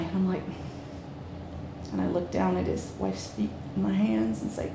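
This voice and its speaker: A woman guest telling a frank story in a casual chat, animated and quick to laugh. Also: medium pitch. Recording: echoey room, faint noise.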